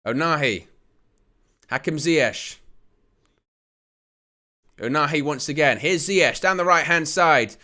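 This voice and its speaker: This watch-along host speaks slowly in a fairly high voice, leaving long pauses. He gives lively commentary on a live football match, jokes around with his viewers, laughs often, and shouts when a chance goes just wide.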